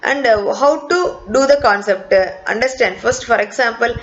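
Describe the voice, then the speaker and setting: A woman's voice: fairly high pitch, moderate pace. A woman teacher, explaining a lesson step by step and repeating key points. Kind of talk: recorded online class lecture. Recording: dull lo-fi recording.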